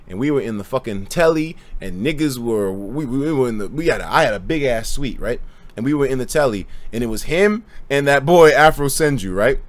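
A young man streaming, telling stories in a casual, animated way and laughing often. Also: medium pitch. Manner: animated storytelling with frequent laughter and profanity.

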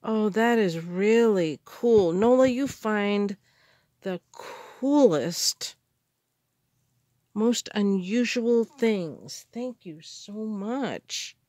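A woman in a casual craft haul video, gushing with excited gasps and exclamations over the supplies she unpacks. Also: mid-range voice, drawn-out words, no echo, studio quality. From Canada. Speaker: crafter unboxing mail.

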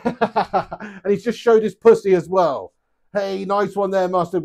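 A young man chatting casually on a live stream, rambling, swearing freely and getting animated. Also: sits high, measured pace.

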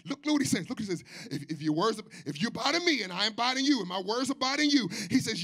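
Man, pastor, preaching in a church, high and bright voice, call-and-response, soft to shouting. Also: lively intonation, fast talker. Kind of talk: sermon. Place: church sanctuary.

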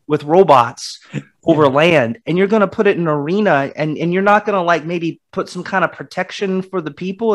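A man co-hosting a casual movie review podcast, retelling scenes in an animated, rambling way with frequent restarts. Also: high voice. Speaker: podcast co-host.

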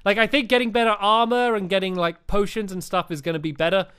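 A man's voice: high-pitched, steady tone, quick pace, pushed and bright, clean tone. A man hosting a casual gameplay video, chatty and upbeat, laughing often as he plays. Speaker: gaming video host.

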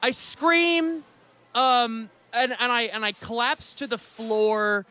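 A man's voice: very high-pitched, flat delivery, takes it slowly, bright, forceful tone, clear, resonant tone. A man playing in an improvised tabletop game, rambling comically through his character's actions. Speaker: guest player. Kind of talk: improvised tabletop role-play.

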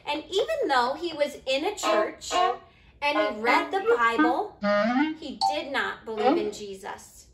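High-voiced woman telling a kids' Bible story. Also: big pitch swings, music in the background. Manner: gentle, sing-song, talking slowly to small kids. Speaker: preschool Bible teacher. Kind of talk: storytelling to young children. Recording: echoey room.

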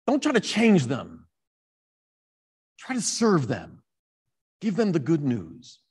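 A man with a somewhat high voice delivers a sermon in a church in a loose, conversational way. He is animated and stops to correct himself, with asides to the congregation. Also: slow, slightly rough. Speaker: priest and rector.

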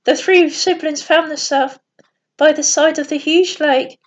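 A woman with a high voice reads a bedtime story gently and plainly, now and then stumbling over a word. The recording is dull and lo-fi. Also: steady tone, a little slow.

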